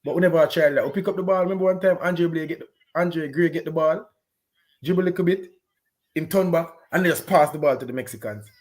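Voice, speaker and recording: A man with a Jamaican accent giving an animated, patois-heavy post-match reaction on a football game. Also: on the high side, fast. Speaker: football fan pundit.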